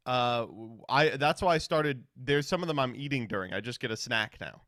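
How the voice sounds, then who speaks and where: Sardonic, animated male streamer. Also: mid-range voice, normal speed, no echo, clean studio sound. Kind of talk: casual chat reading viewer questions.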